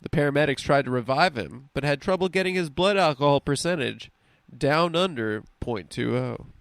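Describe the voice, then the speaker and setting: A man's voice: fairly high pitch, animated, moderate pace, gravelly, a little hiss or hum. A man hosting a comedy podcast in casual banter, fumbling joke reads and laughing. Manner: stumbling joke reading, laughs a lot. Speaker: podcast host.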